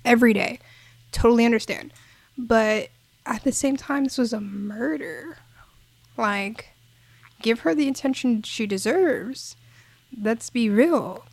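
A woman's voice: fairly high pitch, slow, creaky, long pauses, dry recording. A woman co-hosting a podcast, talking in a casual, emphatic and impassioned way. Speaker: podcast co-host.

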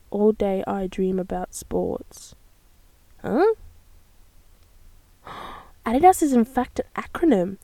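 A woman's voice: medium pitch, a little mellow, no room sound. A young woman, hosting a casual solo podcast in a bubbly, rambling way. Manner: bubbly and rambling, with frequent gasps and laughs. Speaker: podcast host.

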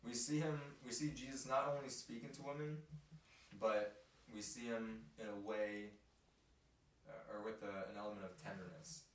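A man leading a casual Bible discussion, reading scripture aloud with emphasis and getting excited. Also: on the low side, moderate pace. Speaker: podcast host leading Bible study. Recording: echoey room from a distance with light noise.

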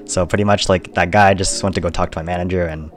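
A man's voice: low voice, steady tone, fast, soft background music. A young man co-hosting a podcast in casual chat, laid-back and laughing often as he rambles through a story. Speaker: podcast co-host.

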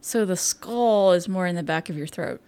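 A woman's voice: lowish voice, normal speed, mellow, clear, resonant tone. A woman co-hosting a podcast in casual chat, curious and teasing, asking lots of questions. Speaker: podcast co-host.

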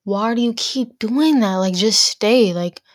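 A woman's voice: a little high, a little slow, no echo, studio quality. A teenage girl hosting her own podcast, ranting bluntly and exasperatedly with lots of filler words. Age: teens. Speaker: podcast host. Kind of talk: casual solo rant.

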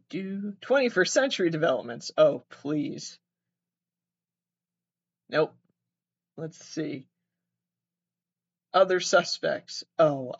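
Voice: mid-range voice, slightly rough, no room sound. A young adult comedian rambling casually, swearing freely and giggling often, recorded without an external mic. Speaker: comedian vlogger. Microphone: no external mic, built-in device mic. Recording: dry, dull lo-fi built-in mic.

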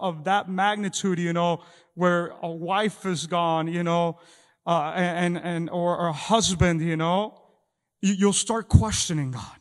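A middle-aged man preaching a sermon as pastor, often repeating words as he talks. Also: sits high. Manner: halting with many repeated words. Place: church hall. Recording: long echo of a large hall.

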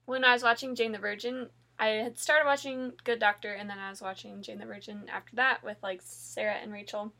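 A woman's voice: on the high side, steady tone, fairly quick, gravelly, few pauses, pushed and bright. A woman chatting casually, bubbly and laughing as she talks. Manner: bubbly, laughing while talking. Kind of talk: casual chat.

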